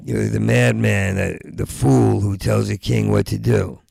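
A man doing a rambling stand-up comedy set, stuttering through restarts and breaking into loud rants. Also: on the low side, fairly even intonation, measured pace, vocal fry, breathy edge, no room sound, clean studio sound.

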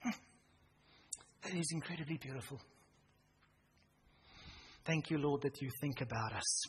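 A man preaching a sermon in church, swinging from loud emphasis down to a hushed near-whisper. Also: a little high, a little slow. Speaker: pastor. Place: church hall. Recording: reverberant church hall, faint noise.

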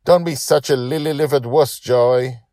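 A man's voice: mid-range voice, moderate pace, warm tone, no echo, clean studio sound, voice pushed up, lightly acted. A man voicing a bossy four-year-old girl who plays a pirate captain and speaks harshly and commandingly.

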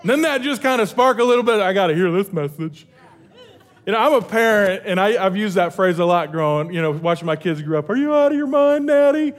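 A middle-aged man preaching a casual, humorous sermon from a church stage. He is energetic and joking, and often restarts his sentences. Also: sits high, brisk. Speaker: pastor.

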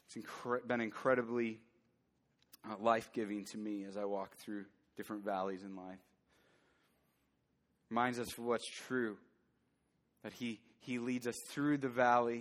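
A man preaching a sermon as pastor, earnest and building to fervent emphasis. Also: mid-range voice. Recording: long church hall reverb.

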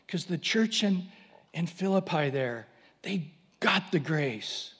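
Male preacher, higher pitch, animated storyteller, long reverb of a hall. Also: takes it slowly, husky. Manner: animated storytelling, dramatic pitch swings, humorous asides. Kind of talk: sermon.

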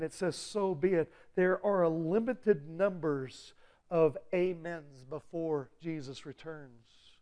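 A man preaching a sermon, urgent and pleading, dropping low and quiet, then rising loud and fast. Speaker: pastor.

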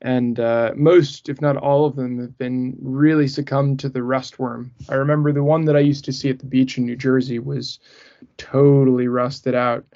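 A man's voice: mid-range voice, little pitch movement, normal speed, mellow. Male podcast co-host, casual rambling chat, muffled lo-fi sound. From northeastern US. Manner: rambling, frequent fillers and restarts. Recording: muffled lo-fi audio.

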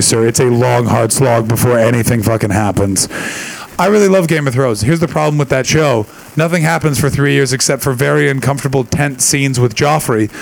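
Gravelly stand-up comic working a crowd. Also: male voice, medium pitch, poor audio. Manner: gravelly, shouts impressions of angry people. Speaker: stand-up comedian. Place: live comedy venue.

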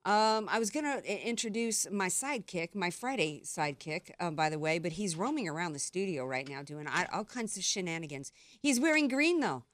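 A woman's voice: on the low side, expressive, a little fast, few pauses. Chatty woman talk radio host. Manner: chatty, rambling, many restarts. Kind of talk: political talk radio monologue. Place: radio studio. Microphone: studio microphone.

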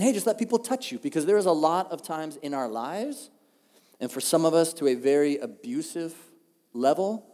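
Conversational pastor, hall echo. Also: male voice, medium pitch. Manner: conversational, humorous, animated storytelling. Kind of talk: sermon. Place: church auditorium. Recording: long hall reverb.

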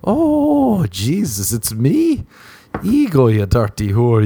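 A young Irish man hosting a podcast, rambling through a comic, self-mocking monologue and sliding into high mock voices. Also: wildly swooping pitch, slow, warm tone, breathy edge, no echo. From Ireland. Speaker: podcast host. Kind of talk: casual comedic monologue.

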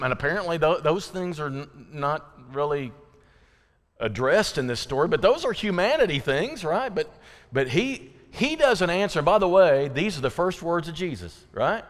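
A man teaches a group in a relaxed, talky way, breaking off to ask his listeners questions and restarting sentences as he goes. His voice sits a little high for a man. The sound rings with the long reverb of a hall. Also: normal speed. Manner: conversational, asks the audience questions, many fillers and restarts. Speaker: Bible study teacher.

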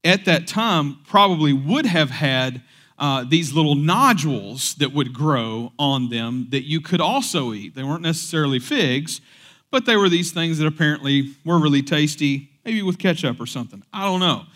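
A young man gives a relaxed, chatty sermon, reading scripture and then wandering into jokes and side stories. He talks in a slightly high voice and keeps dropping in fillers and restarting his sentences. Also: moderate pace. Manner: casual, joking asides, frequent fillers and restarts. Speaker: pastor. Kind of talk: conversational sermon.

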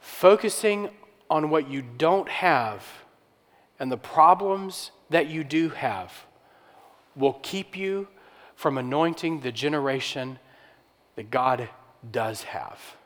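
A man's voice: a little high, animated, slow pace, big-room sound. A male pastor preaching a sermon in a conversational way, with rhetorical questions and restarts.

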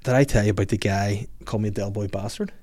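A man's voice: lowish voice, fast talker, darkish tone. A young man, swearing and laughing through casual podcast banter. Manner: crude, joking, laughs often. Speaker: podcast co-host.

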